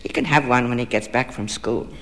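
A man voicing a cruel, scheming stepmother in a fairy-tale reading, low and quiet with false kindness. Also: a little fast, natural voice. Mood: cold. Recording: long hall reverb.

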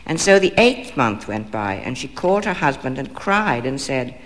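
A man's voice: mid-range voice, big pitch swings, moderate pace, hardly any pauses, fairly bright tone. Male storyteller in a reverberant hall. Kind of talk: fairy-tale reading aloud.

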